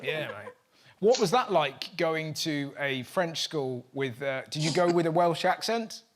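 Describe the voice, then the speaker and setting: A man hosting a comedy show, riffing excitably and swearing freely with members of a studio audience. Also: fairly high pitch, measured pace. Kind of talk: joking banter with the studio audience. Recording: studio audience noise behind.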